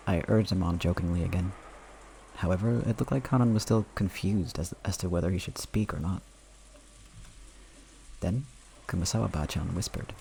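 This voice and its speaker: A man's voice: deep voice, normal speed, vocal fry, pauses often, warm tone, slight background noise. A man streaming a visual novel playthrough, reading the narration steadily with self-aware asides.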